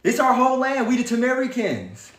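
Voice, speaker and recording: Defiant, high-voiced man in an echoey room. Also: huge pitch swings, fairly quick, a bit bright. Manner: defiant, preachy, heavy swearing. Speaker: livestream host. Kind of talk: fiery livestream monologue.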